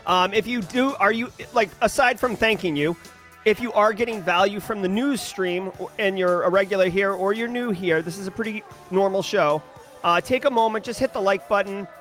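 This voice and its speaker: A man hosting a casual daily news livestream, talking in an animated, ranting way with many fillers and restarts. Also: sits high, moderate pace, faint music behind.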